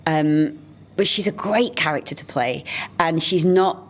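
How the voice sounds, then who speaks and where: A woman's voice: low-pitched, unhurried. A woman from Blackpool, an actress explaining her role enthusiastically in an interview. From Blackpool, England. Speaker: actress guest. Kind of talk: casual interview chat.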